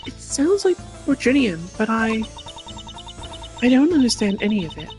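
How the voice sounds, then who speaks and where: A man's voice: very high-pitched, big pitch swings, moderate pace, darkish tone, voice pushed up. A man voicing a nervous, stammering young female flight attendant, with game music behind.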